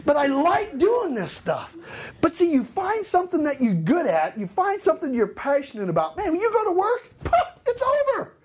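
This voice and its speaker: A man's voice: extremely high pitch, normal speed. A middle-aged man giving a live customer service training seminar, joking and acting out customers. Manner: animated, joking, acts out customers.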